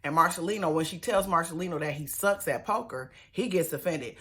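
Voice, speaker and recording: A woman's voice: on the low side, fairly quick, few pauses, a bit bright. A woman giving a sassy, chatty recap of a reality show, with slangy asides to her viewers. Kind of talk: casual TV episode recap.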